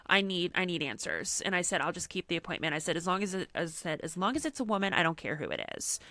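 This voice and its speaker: A woman's voice: on the low side, fast talker, no echo. A young woman co-hosting a podcast, telling a personal story in casual chat and acting out what people said, with lots of "like". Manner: animated storyteller acting out quotes, frequent "like". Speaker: podcast co-host.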